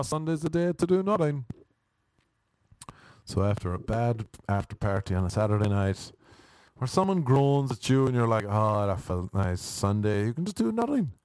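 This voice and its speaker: Brief: low-pitched man with a dry, close sound, riffing wry and self-mocking in a loose comic monologue. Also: dark tone, no echo. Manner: self-deprecating, wry, switches into mock voices.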